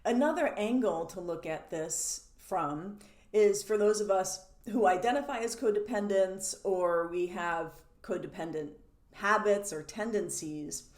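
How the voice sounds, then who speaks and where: Woman coach, low-pitched and animated, teaching-talk monologue; roomy, echoey sound. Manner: animated, laughs between points, acts out quoted questions. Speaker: codependency coach. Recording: roomy echo.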